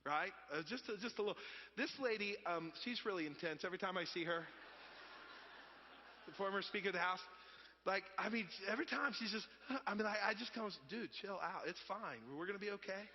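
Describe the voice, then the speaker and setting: A high-pitched man in his thirties preaches in a loose, chatty storytelling manner, swinging from loud to hushed. His voice carries a long hall reverb, and the recording sounds muffled. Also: brisk, a little hiss or hum. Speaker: pastor. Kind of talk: sermon. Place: church sanctuary.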